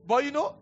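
In a dull lo-fi recording with faint music, a middle-aged man with a Nigerian accent preaches as a pastor. His sermon is chatty and rambling, repeatedly veering into stories accompanied by chuckles.

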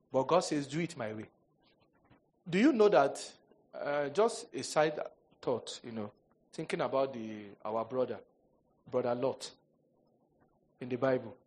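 A male pastor preaching a sermon, telling humorous stories and acting out quoted voices. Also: mid-range voice. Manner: animated storytelling, jokes and mock quotes.

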